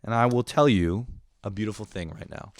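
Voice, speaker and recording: A young man hosting a podcast, ranting in a comedic monologue. He curses a lot and sounds irritable and self-mocking, with sudden loud outbursts that drop to low mutters. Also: brisk, creaky, no echo. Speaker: podcast host.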